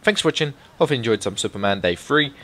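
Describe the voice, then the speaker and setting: Talking fast in a medium-pitched voice, a gaming YouTuber gives casual commentary as he plays. He swears a lot, gets excited, bursts into loud exclamations, and rambles to the people watching.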